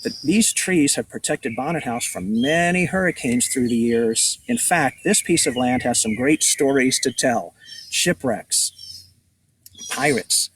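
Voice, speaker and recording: A man reading a calm female schoolteacher who explains facts to her class. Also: mid-range voice, a little slow. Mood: explaining. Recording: distant outdoor mic, birdsong noise.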